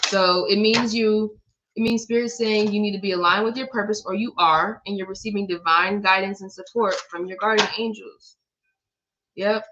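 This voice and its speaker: A woman reads cards in a casual, blunt way, swearing freely and laughing at herself. Her voice sits at an ordinary middle pitch. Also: muffled recording, background noise. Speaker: tarot reader. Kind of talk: casual spiritual card reading.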